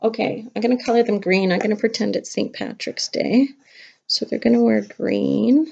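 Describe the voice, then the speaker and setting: Chatty teacher woman with a gravelly voice. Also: medium pitch, steady tone, moderate pace, dark tone. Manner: chatty and playful, talking to young children. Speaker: kindergarten teacher. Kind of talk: casual craft lesson to camera. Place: home. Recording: dull lo-fi home video.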